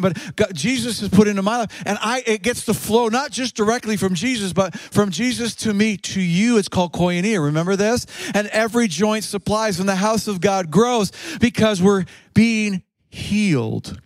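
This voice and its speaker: A man preaching a sermon, moving between quick spoken stretches, slow drawn-out phrases and sudden shouted peaks. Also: high-pitched, dry recording. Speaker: pastor.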